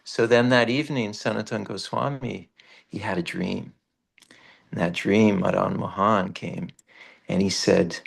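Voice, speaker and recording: A man's voice: normal speed, creaky. A man leading a morning scripture class, retelling a devotional story and acting out the speakers in a raised voice. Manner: animated retelling, rising high for quoted characters.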